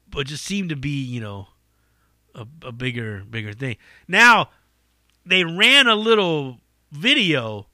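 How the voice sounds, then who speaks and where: A man hosting his own podcast as a working stand-up comic, rambling through backstage stories with plenty of profanity and chuckles. His voice has a bright, forceful edge at an ordinary middle pitch. It is recorded close and dry, with no room sound. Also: no echo. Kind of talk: casual storytelling monologue.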